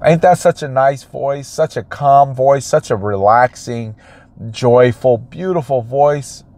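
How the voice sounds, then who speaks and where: A man's voice: mid-range voice, slow, a little mellow. A man, a realtor, giving an emphatic motivational talk and repeating his phrases for effect. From United States.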